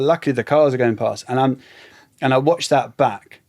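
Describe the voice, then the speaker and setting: Reflective man, halting speech. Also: mid-range voice, a little mellow. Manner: reflective, halting, often trailing off. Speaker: podcast guest. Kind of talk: casual conversation.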